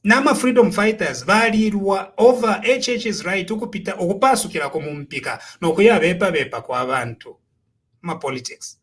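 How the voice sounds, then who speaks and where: A man's voice: high-pitched, expressive, moderate pace, fairly bright tone. A man with a Zambian accent giving impassioned, preachy political commentary, full of rhetorical questions. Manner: preachy, rhetorical, switching between Bemba and English.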